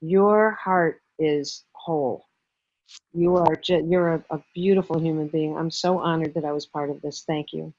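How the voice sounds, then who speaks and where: A woman's voice: low voice, fairly even intonation, normal speed, a little mellow, no room sound, highs cut off. A woman guest teaching writing in an interview, speaking emphatically and acting out little stories in different voices. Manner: emphatic, acts out stories in character. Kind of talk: animated interview talk.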